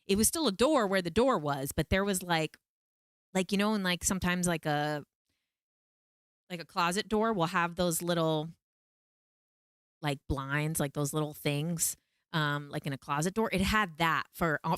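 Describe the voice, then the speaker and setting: A woman hosting a podcast, telling a story in a casual, animated, rambling way with many fillers. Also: on the low side, smooth, no echo, studio quality. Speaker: podcast host.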